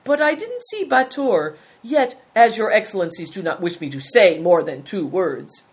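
A woman voicing a calm, sly male servant who speaks formally and deferentially, reading from a storybook. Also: medium pitch, normal speed, breathy edge.

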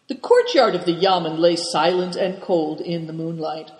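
A man narrating an audiobook in a measured, even storytelling manner. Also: on the high side. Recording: echoey room with long reverb.

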